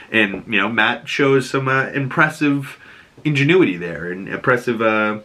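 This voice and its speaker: A man talks through a TV episode with excited energy. He has a bright, forward tone and keeps breaking into little acted-out lines. The style is loose and casual. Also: medium pitch, moderate pace. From Boston area. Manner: excited, animated, laughs often, acts out lines. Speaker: show breakdown host. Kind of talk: casual commentary.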